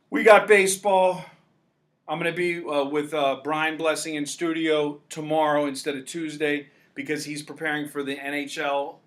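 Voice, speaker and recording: A brash man runs a sports betting show, pushing his points hard. His voice sits a little high and sounds bright and forceful. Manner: brash, emphatic, salesman-like. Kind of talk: casual sports betting talk.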